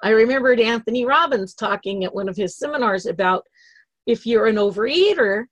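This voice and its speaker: Middle-aged woman, motivational storyteller, higher voice, dry close sound, emotional and animated. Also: a little fast, no echo. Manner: emotional, laughing, animated retelling. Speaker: motivational speaker. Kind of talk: personal storytelling talk. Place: lives in a travel trailer in Idaho.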